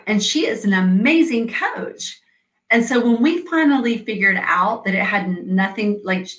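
A woman's voice: mid-range voice, bright, forceful tone, distant mic. A middle-aged woman coach telling stories in an interview in an earnest way, with many fillers, speaking over a call. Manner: earnest, storytelling, frequent fillers. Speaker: guest, coach. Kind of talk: conversational interview. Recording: roomy echo.

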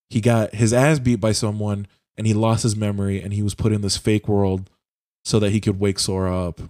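A young man, co-hosting a podcast, casually talks his way through a video game's plot on a voice call, full of swearing and filler words. He uses a home mic; his voice is on the low side and mellow, captured with clean studio sound and no room sound.

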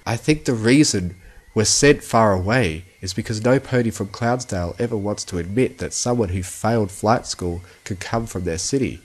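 A man's voice: fairly low pitch, normal speed, close to an everyday voice. A man voicing a cautious, thoughtful young male pegasus colt. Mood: somber. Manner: cautious, reasoning.

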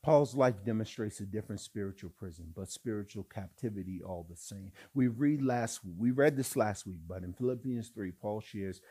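A man preaching a sermon in an animated way, acting out Bible characters in changing voices. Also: lowish voice, normal speed, few pauses, husky, no echo.

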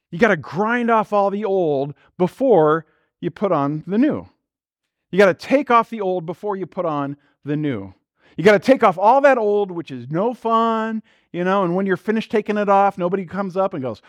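A man's voice: sits high, no echo, clean studio sound. A man preaching a sermon as pastor, in a conversational style full of rhetorical questions and acted-out quotes.

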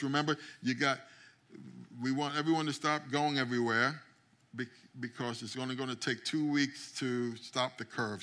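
A middle-aged man preaching a sermon as pastor, telling stories and acting out quotes, building up to loud climaxes. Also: medium pitch. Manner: storytelling, acts out quotes, builds to shouting climax.

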